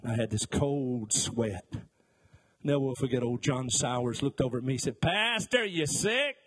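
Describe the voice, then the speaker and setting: A man's voice: mid-range voice, steady tone, normal speed, darkish tone, slightly rough. A middle-aged male pastor preaching a sermon, telling folksy stories with jokes and acting out voices as he goes. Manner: folksy storytelling with jokes and asides; acts out voices in his stories.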